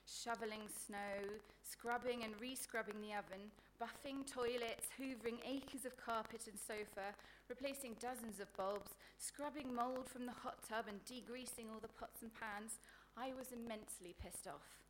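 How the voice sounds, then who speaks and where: Woman reading her own crude funny writing at a book event, deadpan and sarcastic, faint hiss. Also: on the high side, normal speed, few pauses. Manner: sardonic, crude, deadpan comic. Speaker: author reading her work. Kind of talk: comic prose reading at a live event.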